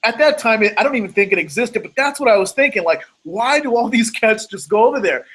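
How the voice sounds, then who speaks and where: Over an online video call, a motivational speaker earnestly tells a personal story and acts out the quoted lines. His male voice is high-pitched, animated, fast and fairly bright, and the recording is rough.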